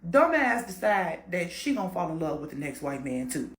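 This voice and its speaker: A woman telling a paranormal story in a lively, profane, laughing way. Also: lowish voice, moderate pace, few pauses. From Chicago, USA. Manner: animated, profane, laughs a lot. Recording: roomy echo.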